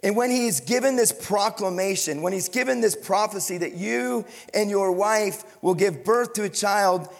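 A male pastor preaches with swelling, dropping emphasis, now and then acting out the people in the scripture. His voice sits high and carries a gravelly edge, and it rings out with the long reverb of a large hall. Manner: preaching, rising and falling emphasis, voicing scripture figures. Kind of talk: sermon.

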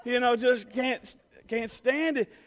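A man telling an animated personal story to an audience, full of "you know" and "I mean". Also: very high-pitched, takes it slowly, shouting, background noise.

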